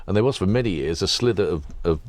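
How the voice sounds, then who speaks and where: A man's voice: deep voice, lively intonation, fast. A man who guides ghost tours, telling rambling local history anecdotes in a casual interview. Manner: rambling anecdotal storyteller, chatty with asides. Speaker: ghost tour guide and author.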